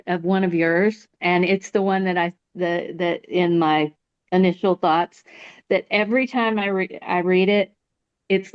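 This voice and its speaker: An American woman talks eagerly about a favourite book on a podcast, circling back and restarting her thoughts. Her voice sits mid-pitch, and the recording sounds a little dull and lo-fi. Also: clear, resonant tone. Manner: enthusiastic, restarts often. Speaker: podcast co-host, book fan. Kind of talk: casual book-club chat.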